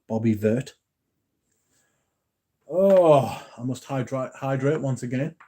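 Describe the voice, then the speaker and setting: Mellow English guy rambling on a livestream. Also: medium pitch, steady tone, normal speed, slightly rough. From England. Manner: rambling, self-correcting, jokey and profane. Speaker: livestream host. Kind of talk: casual livestream chat, reading out chat comments.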